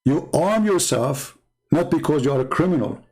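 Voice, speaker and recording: A man talks in a fairly high voice, pressing his points hard and repeating himself. His English grammar is broken, and he tells stories in a casual, conversational flow. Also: animated, normal speed, a little mellow. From Middle East. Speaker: Christian apologist. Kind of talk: casual monologue with storytelling.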